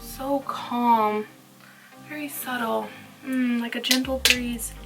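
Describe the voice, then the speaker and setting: A young woman chatting casually through a makeup tutorial, playful and sometimes dropping to soft murmurs. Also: on the high side, steady tone, slow, faint music behind. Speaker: beauty vlogger.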